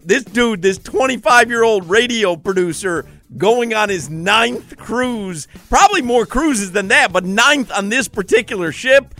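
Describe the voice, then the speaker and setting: A man's voice: sits high, lively intonation, unhurried, hardly any pauses, pushed and bright, soft background music. A man hosting a sports radio show, joking and teasing his co-hosts in casual banter. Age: adult parent.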